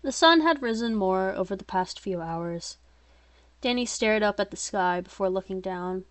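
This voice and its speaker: Woman author reading her own tale, plain pitch, dry close sound, slips into chatty asides. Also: normal speed, no echo. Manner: plain steady reading broken by chatty self-mocking asides. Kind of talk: informal story reading.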